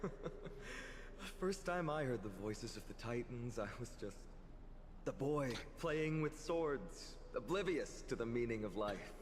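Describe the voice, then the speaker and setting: An earnest young noble warrior. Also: male voice, medium pitch, expressive, slow pace, a little hiss or hum. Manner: formal, earnest. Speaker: game character. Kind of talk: game voice acting. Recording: game audio with long reverb.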